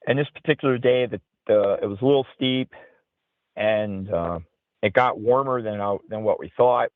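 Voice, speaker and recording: This interview guest, an outdoorsman who also investigates the paranormal, has a lowish voice and talks at a normal speed. His rambling story is full of "you know," and it comes through a tinny, phone-like connection with no room sound.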